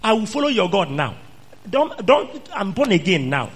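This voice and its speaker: A man preacher voicing a scheming, seductive married woman who coaxes and pleads, then cries out in shrill accusation. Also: sing-song, normal speed, breathy edge, exaggerated voice. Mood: pleading.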